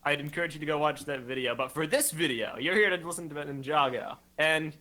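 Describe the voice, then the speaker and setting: Teasing man hosting a podcast, bright. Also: on the high side, a little fast. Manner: joking, teasing banter. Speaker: podcast host. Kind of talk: casual livestream podcast chat.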